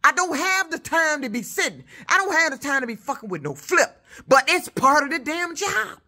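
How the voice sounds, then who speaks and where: A woman truck driver, telling a heated, profane story in a loud voice. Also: sits high, very animated, moderate pace. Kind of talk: casual vlog rant.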